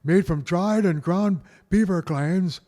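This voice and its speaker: Hammy high-voiced man reading a spoof ad. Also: slow, warm tone, in a large hall. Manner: hammy, stumbling, goofy. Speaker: radio co-host. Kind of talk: mock commercial and studio banter.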